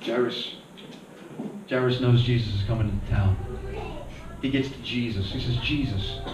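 A male pastor preaching a sermon in a lively, animated way, acting out the voices of people in the story and asking the congregation to repeat lines after him. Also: medium pitch, normal speed, highs cut off, over music. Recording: echoey hall, heard from a distance.

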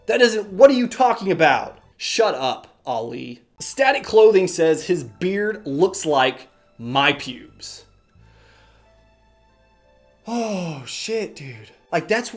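A man's voice: high-pitched, expressive, unhurried, soft background music. A young man hosting a tech channel, sarcastically reading viewer comments aloud and ranting back at them with frequent swearing. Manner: sarcastic, exasperated, swears freely, mocks commenters in silly voices. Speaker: YouTube tech host.

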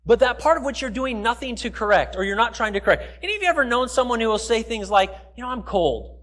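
A man with a very high-pitched voice delivers a sermon in a church. His preaching is conversational and down to earth, and he slips into the voices of the people he quotes. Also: expressive, quick pace, fairly bright tone. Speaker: pastor. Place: church sanctuary.

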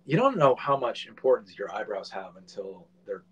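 A man in his forties, a filmmaker guest, telling a casual anecdote in an animated way and swearing freely. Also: fairly low pitch, moderate pace, slightly rough, dull audio.

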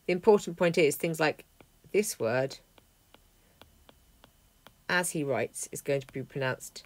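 Low-pitched woman teaching greek, slow and careful word by word, dry close mic. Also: darkish tone, no echo. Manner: clear, methodical explaining, word by word. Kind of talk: lesson walkthrough.

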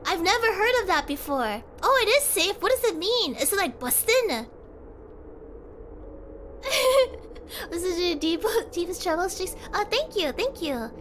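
Very high-pitched giggly woman streamer. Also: sing-song, unhurried, fairly bright tone, a little hiss or hum. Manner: giggly, rambling, talks to chat. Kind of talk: casual livestream chat.

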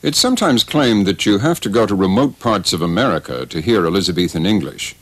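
A man giving scripted documentary narration with an expressive, rising and falling delivery. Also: low voice, brisk, slightly rough, no echo.

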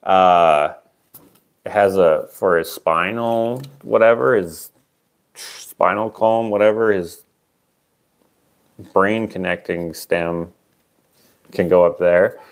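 A man's voice: sits low, takes it slowly, long pauses. A man casually auctioning his own handmade sculptures on a livestream, rambling and self-deprecating, trailing off with fillers.

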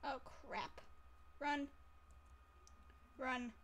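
A woman's voice: high voice, extremely slow, a bit bright, slight background noise. A woman giving casual let's-play commentary over a game, giggly, playful and melodramatic. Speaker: gameplay commentator.

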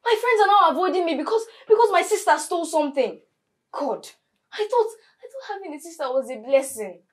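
A spiteful, high-voiced girl. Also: sing-song, a little fast. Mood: bitter ranting. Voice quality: scornful, cursing, stammering when worked up. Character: spiteful teenage girl, jealous, insulting her sister.

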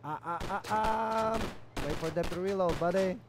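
A young man giving excitable, swearing commentary over his gameplay and talking to the characters on screen. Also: sits high, normal speed. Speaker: gaming YouTuber. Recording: noisy game audio with gunfire. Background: gunshots from the game.

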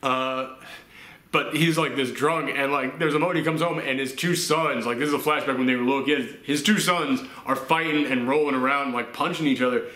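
A man's voice: mid-range voice, steady tone, a little fast, sharp tone. A man from the Southern United States giving a casual film review, chatty, with laughing asides and acted-out quotes. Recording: roomy echo.

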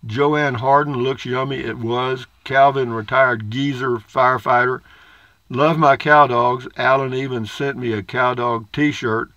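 An older man reads viewer comments in a casual, rambling way, dropping dry jokes. His voice is bright and forceful. The recording sounds dry and a little dull. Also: mid-range voice, steady tone, measured pace, few pauses, dry recording. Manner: folksy, rambling, dry humor. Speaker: vlogger reading viewer comments. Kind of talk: casual comment-reading chat.

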